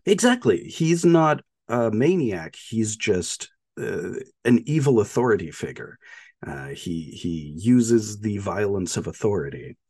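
A man co-hosting a podcast, talking through a film in a halting, casual way with frequent restarts. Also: fairly low pitch, big pitch swings, darkish tone, husky, dry recording, clean studio sound. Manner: halting, many restarts and fillers, laughs often. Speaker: podcast co-host.

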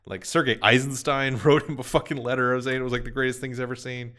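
A man chatting casually about old animated films, rambling and jokey. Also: medium pitch, fast. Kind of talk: casual film chat.

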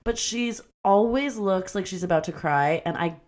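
Her voice is medium in pitch and a little mellow as she co-hosts a laid-back podcast movie review. Chatty and rambling, she's quick to laugh and to perform quotes from the film.

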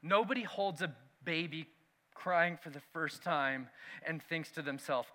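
A man preaching a sermon, telling a self-mocking personal story with animated swings between loud and hushed delivery. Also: on the high side, a little slow. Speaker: pastor.

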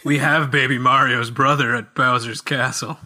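A man's voice: mid-range voice, steady tone, moderate pace, pushed and bright. A man doing Kamek, a sly creepy wizard. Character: creepy baby-stealing wizard koopa, smug.

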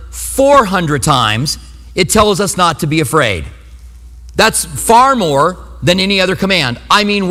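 Guy pastor preaching, chatty and jokey, bright high voice, echoey church hall. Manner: conversational, humorous storytelling with acted-out reactions. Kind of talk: sermon. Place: church sanctuary. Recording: long reverb of a large hall.

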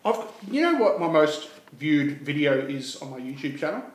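A man's voice: a little high, big pitch swings, normal speed. A man hosting a podcast, laid-back and laughing often as he chats while eating. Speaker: podcast host. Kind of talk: casual podcast banter. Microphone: podcast microphone. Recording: echoey room, faint noise.

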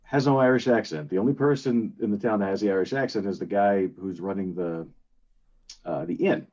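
Brisk and a little mellow, this older man's fairly low voice comes through lo-fi audio. He's a podcast co-host in casual conversation, rambling along with lots of fillers and restarts.

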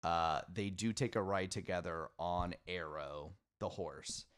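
A man co-hosting a podcast, retelling a cartoon episode in an excitable, laughing way. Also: sits low, unhurried, clean tone. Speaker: podcast co-host. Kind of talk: casual chat.

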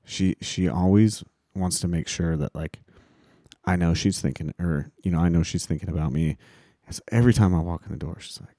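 A man's voice: low voice, a little fast, warm tone, no room sound, studio quality. A man co-hosting a faith podcast, chatting in a laid-back, conversational way. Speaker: podcast co-host. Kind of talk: casual faith talk.

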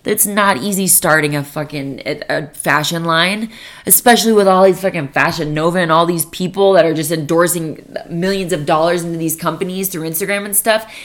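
Young female solo podcast host, low voice, profane, rambling, heavy "like" fillers. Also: a little fast. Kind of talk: casual solo podcast monologue. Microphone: podcast microphone.

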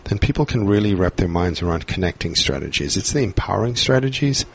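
A man's voice: low voice, expressive, fast talker, creaky, breathy edge. A man, a guest on a parenting podcast, talking at length in a reflective, explaining way. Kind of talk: earnest podcast conversation. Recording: dull lo-fi audio.

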